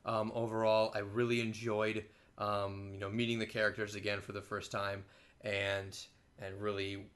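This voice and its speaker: A man co-hosting a casual podcast, agreeable and quick to chime in with short affirmations. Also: lowish voice, little pitch movement, fairly bright tone. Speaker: podcast co-host.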